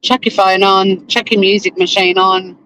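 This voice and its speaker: High-voiced chatty Australian man. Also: little pitch movement, normal speed, bright, forceful tone, a little hiss or hum, low-quality recording. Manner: chatty, greets viewers by name, swears casually. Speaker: lawyer and live-stream host. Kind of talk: casual live-stream chat. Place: in a car, driving to work.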